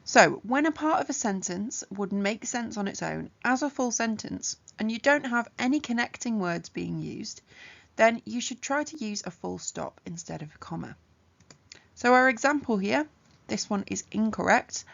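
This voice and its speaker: A woman teaching an exam revision lesson, explaining punctuation rules clearly and methodically with examples. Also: medium pitch, animated, moderate pace, dull audio. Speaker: English tutor.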